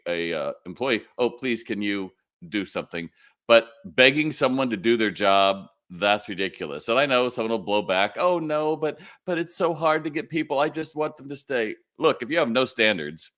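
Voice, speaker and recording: A man's voice: on the low side, a bit bright. A middle-aged man hosting a live retail Q&A in casual, blunt, opinionated talk. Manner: blunt and opinionated, acts out quoted voices.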